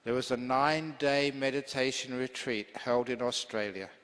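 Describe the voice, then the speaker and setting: A man's voice: mid-range voice, moderate pace, fairly bright tone. A man, a Buddhist monk teacher, giving a humorous, chatty dharma talk full of stories. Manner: humorous, chatty, laughing easily. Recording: long hall reverb.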